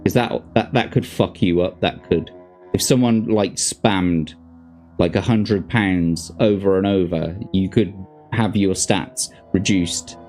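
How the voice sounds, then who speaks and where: A man's voice: low voice, takes it slowly, darkish tone, soft background music. A man from Birmingham with a Birmingham accent hosts a stream, reading a fantasy gamebook aloud and breaking off for casual asides and corrections. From Birmingham, England. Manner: casual, stops to chat and correct himself.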